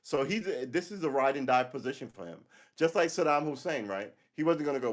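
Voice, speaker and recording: A man's voice: mid-range voice, animated, fairly quick. A man hosting a livestream, delivering a rambling, sarcastic political monologue with frequent profanity. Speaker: livestream host.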